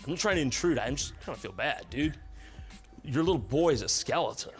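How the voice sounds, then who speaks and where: A man's voice: medium pitch, lively intonation, brisk, over music, voice pushed down, lightly acted. A man doing a laid-back, helpful dude. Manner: casual, dude-like slang.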